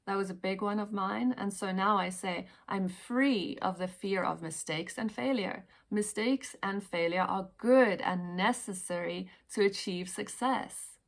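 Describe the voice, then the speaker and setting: A woman talking casually and gently to camera about self-help habits, chatty and full of fillers and repetitions. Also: medium pitch, measured pace, vocal fry, few pauses. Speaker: wellness vlogger. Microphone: headphones on.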